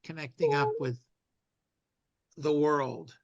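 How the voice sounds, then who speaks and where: A man's voice: a little high, steady tone, slow pace, dull audio. A man hosting a casual interview, upbeat and encouraging. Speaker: interview host and sales coach.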